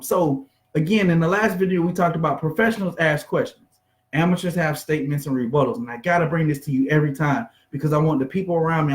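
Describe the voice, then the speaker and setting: A man giving an energetic, conversational motivational business talk, acting out bits of small talk. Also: high voice, roomy sound. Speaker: business coach.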